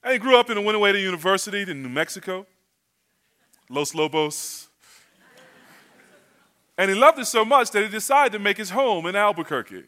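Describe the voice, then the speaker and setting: A man's voice: sits high, lively intonation, normal speed, long pauses, pushed and bright. A man from North Carolina preaching as a guest pastor, telling funny stories in a folksy, chatty way. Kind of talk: sermon with humorous storytelling. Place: church.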